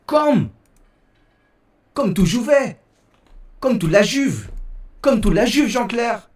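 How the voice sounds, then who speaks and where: A man's voice: very high voice, animated, slow, a little mellow, pitched above the performer's own voice, full character voice. Man doing a pleading, bragging young French footballer, thick accent, sing-song delivery, distant and echoey comedy clip. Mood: coaxing, boastful. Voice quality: heavy French accent, mixing French words into English. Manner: coaxing, boastful, repeats "hein". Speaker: host doing an impression. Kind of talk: comic impression in an old video clip. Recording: roomy, distant clip played back.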